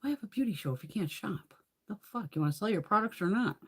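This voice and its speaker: A woman's voice: medium pitch, expressive, quick pace, breathy edge. A middle-aged woman hosting a casual beauty livestream, chatting freely, swearing often and laughing between thoughts. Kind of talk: casual live chat.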